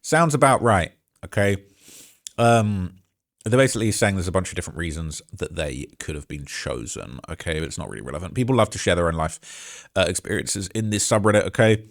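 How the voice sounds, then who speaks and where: A man's voice: low voice, expressive, fairly quick, vocal fry. A man hosting a true-crime commentary show, ranting with heated sarcasm and reading out online comments. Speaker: host.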